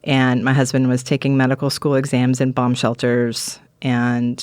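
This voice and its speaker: A woman's voice: very deep voice, monotone, normal speed, a little mellow, no echo, clean studio sound. A woman guest telling long, candid stories in a rambling, frank way, swearing casually. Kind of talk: candid conversational storytelling.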